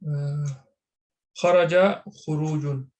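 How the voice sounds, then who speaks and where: A man with a slightly raised pitch explains grammar in an online class. He speaks haltingly, often pausing on fillers and restarting words. The sound is that of a video call. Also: steady tone, low-quality recording. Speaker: Arabic teacher.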